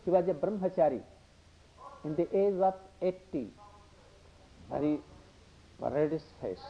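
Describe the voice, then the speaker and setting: Slow-speaking older man giving a devotional talk. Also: a little high, animated. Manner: halting, repetitive phrasing with Hindi asides. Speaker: religious speaker. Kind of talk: devotional discourse. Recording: dull lo-fi recording.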